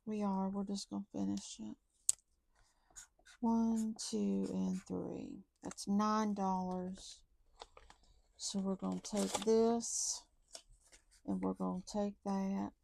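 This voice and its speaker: A woman chatting casually to viewers while counting out savings, talking soft and low close to the mic. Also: little pitch movement, slow, gravelly, long pauses, slight background noise. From Texas. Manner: chatty, soft and low, says y'all often. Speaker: budgeting vlogger.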